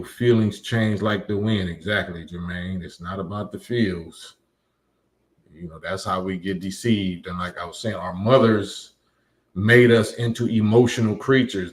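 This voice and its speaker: A man hosting a live stream, reading chat comments and lecturing emphatically, often repeating his points. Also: on the low side. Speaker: livestream host.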